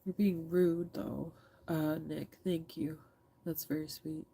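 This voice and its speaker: A woman's voice: low-pitched, steady tone, takes it slowly, gravelly, mellow, slight background noise. A woman in her thirties, teary and frank, speaking candidly to a live chat from her phone camera and swearing freely. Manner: frank, swears freely, talks back to commenters. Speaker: livestreamer reading chat.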